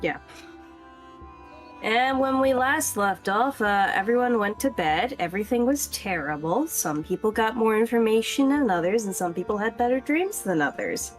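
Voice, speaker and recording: A woman running a tabletop game over voice chat, recapping the last session in a casual, quick way with many fillers. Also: a little high, expressive, soft background music. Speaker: game master.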